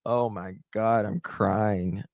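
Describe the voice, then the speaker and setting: Male live streamer, low-pitched, gossipy and amused, recorded dry and close. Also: steady tone, slow, darkish tone, dry recording, low-quality recording. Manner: laughing, gossipy, swears. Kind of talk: casual live stream commentary.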